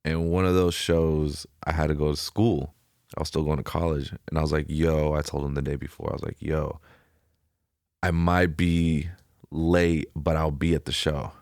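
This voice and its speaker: A young man from California, a podcast guest, telling stories in a relaxed, slangy way that is full of "like". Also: a bass voice, normal speed, no room sound, clean studio sound. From Ventura County, California. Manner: relaxed, slangy storytelling, filler "like" everywhere. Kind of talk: casual storytelling interview.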